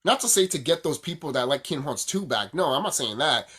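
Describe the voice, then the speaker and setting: A man's voice: a little high, lively intonation, fairly quick, bright, forceful tone, husky. A young man ranting casually about video games, heated and profane, laughing often and repeating his points.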